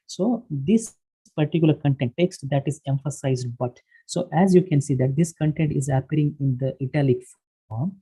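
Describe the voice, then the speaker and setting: A man instructing an online workshop, explaining step by step in a halting way with many fillers and restarts. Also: a little high, mellow, slightly rough, low-quality recording. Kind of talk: screen-share tutorial lecture. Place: online session, voice from his own room.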